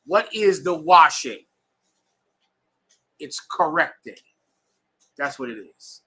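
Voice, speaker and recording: Emphatic high-voiced man teaching scripture. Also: lively intonation, slow, pushed and bright, husky. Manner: emphatic, directs readers, casual slang. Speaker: scripture class instructor. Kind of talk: preaching-style bible class teaching. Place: classroom with students.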